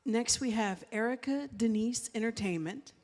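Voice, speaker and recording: A woman announcing graduates at a live event, reading each name out in a measured, careful way. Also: fairly high pitch, a little mellow. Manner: measured, reads names carefully. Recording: long hall reverb.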